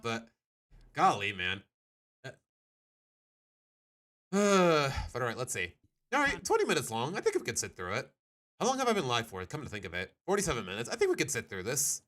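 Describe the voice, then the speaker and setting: A man live-streaming his reactions to videos in casual, animated chat, groaning and laughing as he goes. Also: mid-range voice, brisk.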